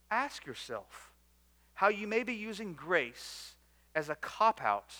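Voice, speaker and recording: Guy preaching in church, high bright voice, big hall echo, earnest, swings loud then quiet. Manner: earnest, rising to emphatic bursts then dropping low. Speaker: pastor. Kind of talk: sermon.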